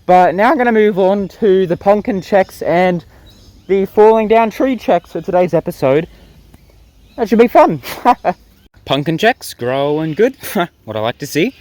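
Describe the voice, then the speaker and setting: A young man with a notably high voice talks casually to the camera outdoors in the bush. He giggles often between his phrases, keeping the tone light and chatty. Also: expressive, a little slow, a little mellow, no room sound, low-quality recording. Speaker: vlogger. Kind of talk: casual outdoor gardening vlog.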